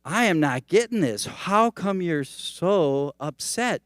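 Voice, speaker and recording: A man's voice: medium pitch, very animated, moderate pace, no echo, clean studio sound, lightly acted. A man voicing a puzzled, sympathetic male friend asking what is wrong. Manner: baffled, patient questioning.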